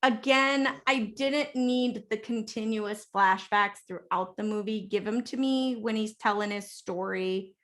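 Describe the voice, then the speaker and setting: A woman co-hosting a casual movie review podcast, laughing often and acting out characters in quick funny voices. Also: mid-range voice, a bit bright. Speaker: podcast co-host.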